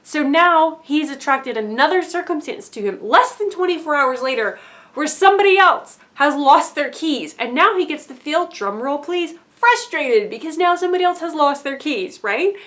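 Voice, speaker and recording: A woman with a slightly high voice talks straight to her viewers in a casual story-time monologue. She rambles, leans on fillers, and keeps checking in with quick tag questions. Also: animated, fairly bright tone. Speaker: vlogger.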